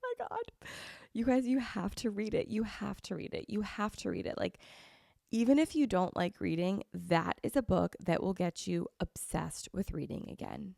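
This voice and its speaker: A woman's voice: mid-range voice, fairly even intonation, moderate pace, creaky, mellow, dry recording, clean studio sound. A young woman hosting a podcast, chatting casually and gushing effusively, with a slight cold. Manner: gushing, effusive, repeats herself. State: has a cold, sniffly. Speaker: podcast host. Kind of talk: casual chat.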